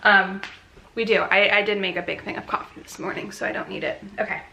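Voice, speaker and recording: A woman's voice: medium pitch, steady tone, fast, gravelly, bright, forceful tone, a little hiss or hum, rough recording. A young woman in her twenties, a law student vlogging in a chatty, rambling, upbeat way as she goes about her day. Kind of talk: casual vlog chat. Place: out and about, car and campus.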